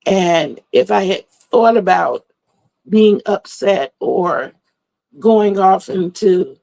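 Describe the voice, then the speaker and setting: In a warm, lowish voice with vocal fry, a middle-aged woman hosts a casual livestream, welcoming viewers and chatting in a meandering, storytelling style. The audio is poor.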